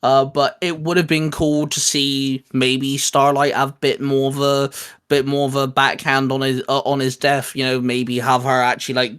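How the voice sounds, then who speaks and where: A man talking casually as a podcast guest, halting with restarts and fillers. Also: mid-range voice, level tone, a bit bright, smooth. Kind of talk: casual chat.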